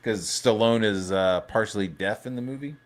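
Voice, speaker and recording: A man hosting a live stream in a casual, rambling rant. His voice sits on the low side, and he swears freely and jumps between thoughts. He often restarts his sentences. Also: normal speed. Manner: profane, rambling, animated. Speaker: livestream host.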